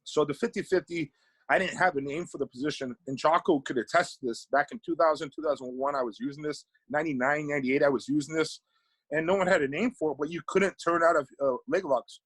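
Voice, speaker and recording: A man's voice: a little high, fast, fairly bright tone, husky, dry recording, poor audio. A middle-aged man from Panama, a guest in a casual podcast interview, talking animatedly and often repeating words as he thinks.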